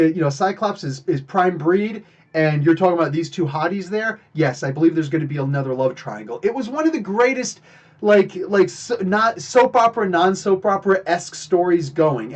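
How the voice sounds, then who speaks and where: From a home streaming setup, a New Jersey man now living in Canada hosts a live comics podcast, animatedly telling stories and greeting chat viewers between anecdotes. His voice is fairly high, and the sound is lo-fi.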